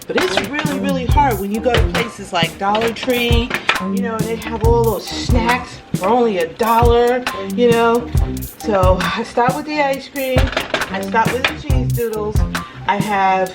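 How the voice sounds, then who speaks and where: A woman with a slightly high voice and measured pace chats casually, straight to her viewers, while cooking in her home kitchen for a vlog. The low-quality home video has loud music playing behind her.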